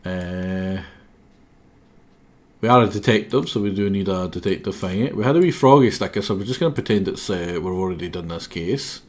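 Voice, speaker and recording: Streamer with a sore throat. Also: male voice, deep voice, normal speed. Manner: rambling, self-mocking, stumbles over words. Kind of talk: casual game commentary.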